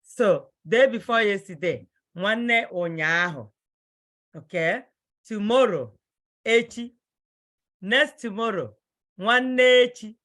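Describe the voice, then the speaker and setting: A woman teaching an online language class, who speaks slowly and repeats each word with care so her students can follow. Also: medium pitch, animated, a bit bright. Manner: slow, repeats words carefully for students.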